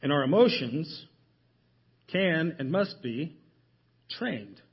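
A man preaching a sermon in a church, emphatic and full of rhetorical questions, often dropping his voice low to stress a point. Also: big pitch swings, takes it slowly, slightly rough, lo-fi sound. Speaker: pastor. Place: church sanctuary.

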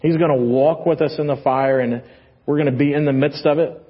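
Texan man preaching in church; high, husky delivery, lively with soft emphatic drops. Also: fairly quick, highs cut off. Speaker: pastor. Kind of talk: sermon. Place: church sanctuary.

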